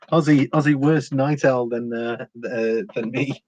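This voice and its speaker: A man's voice: medium pitch, fairly even intonation, a little slow, few pauses, darkish tone. A man hosting a live stream in casual chat, reading out viewer comments and answering them with frequent fillers and restarts. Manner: reads viewer comments aloud and replies. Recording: dull lo-fi audio with faint hiss.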